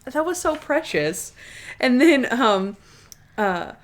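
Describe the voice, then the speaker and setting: A woman's voice: sits high, very animated, slow pace. Woman, podcast co-host, chatty, lots of filler words, casual talk. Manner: chatty, many fillers, eager. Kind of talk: casual chat.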